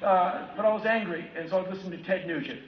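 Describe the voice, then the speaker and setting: A man in his fifties from the United States giving a keynote talk, telling personal stories in an animated way and acting out other people's voices. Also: sits high, fast. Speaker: keynote speaker. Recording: echoey hall from far off, dull lo-fi sound with faint ambience.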